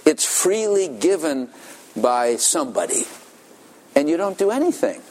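A man's voice: fairly high pitch, very animated, a little slow, a little mellow. An older man preaching a sermon in a folksy storytelling manner, chuckling often.

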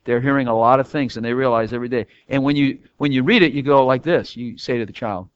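A man's voice: mid-range voice, fast talker, smooth, no echo. An older man gives a folksy, rambling sermon and chuckles often between stories. His voice sits in an ordinary middle register. The recording is dry and slightly dull, as if made on lo-fi gear.

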